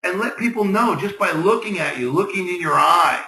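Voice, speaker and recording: A man with a bright, forceful voice, a bit higher than most, gives a motivational business talk. He drives his points home with short, repeated exhortations. His voice rings around an echoey room. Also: a little fast, few pauses. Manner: upbeat, repetitive exhortations. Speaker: business networking presenter. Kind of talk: motivational presentation.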